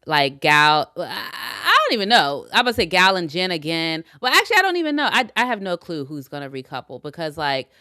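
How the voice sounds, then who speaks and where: A woman chatting casually as co-host, her voice smooth and fairly low, recorded close and dry. She is animated and opinionated, laughs often, and stumbles into restarts when she is unsure. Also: brisk, hardly any pauses, no room sound. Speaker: podcast co-host. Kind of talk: casual chat recap.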